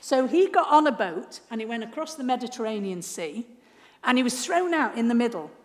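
A woman's voice: fairly high pitch, animated, a little fast. Woman preaching in an echoey hall. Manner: warm storytelling, swinging from hushed to loud. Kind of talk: sermon. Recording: echoey hall, faint noise.

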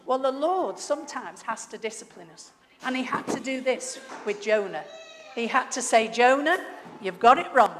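A woman's voice: on the high side, expressive, normal speed. Woman preaching in an echoey hall. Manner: warm storytelling, swinging from hushed to loud. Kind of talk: sermon. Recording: echoey hall, faint noise.

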